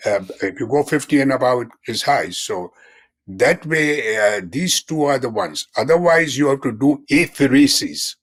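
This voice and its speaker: A man's voice: medium pitch, animated, moderate pace. An older man in his seventies, a physician guest in a conversational interview, who explains in an earnest way and repeats key terms.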